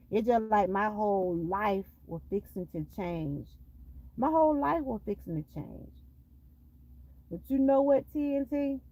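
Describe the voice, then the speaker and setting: A woman's voice: mid-range voice, warm tone, slight background noise, low-quality recording. A woman with a Southern US accent from Georgia, giving an emphatic personal faith testimony and repeating phrases for weight. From Georgia, USA. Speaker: vlogger sharing a testimony.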